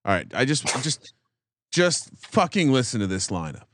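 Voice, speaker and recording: Stammering excitable podcast man. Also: mid-range voice, normal speed, a little hiss or hum. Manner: stammering, excitable, swears casually. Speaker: podcast co-host. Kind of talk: casual fantasy draft banter.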